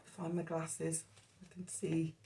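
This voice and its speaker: A woman's voice: deep voice, monotone, slow, dark tone, distant mic, a little hiss or hum. A woman reading tarot and astrology in a loose, rambling way, stopping herself and using fillers, with a cough that keeps breaking in. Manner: rambling, self-interrupting, with fillers. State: coughing, hoarse. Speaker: tarot reader. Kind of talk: casual astrology and tarot talk.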